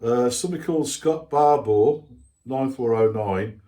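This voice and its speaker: Slow-talking older man reading comments. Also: mid-range voice, warm tone. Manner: rambling and self-mocking, with asides. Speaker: hobby channel host. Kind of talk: casual chat reading out viewer comments.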